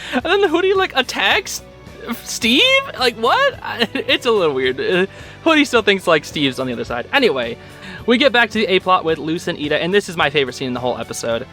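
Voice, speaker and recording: A young man giving a casual, excitable recap of a show episode, full of filler words. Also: a little high, quick pace, faint music behind.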